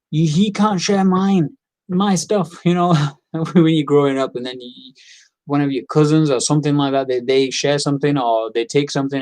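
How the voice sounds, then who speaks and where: A man's voice: mid-range voice, a little mellow, no echo, rough recording. A man giving a casual, opinionated wrestling review, rambling with fillers and repeats. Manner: acts out quoted lines in character.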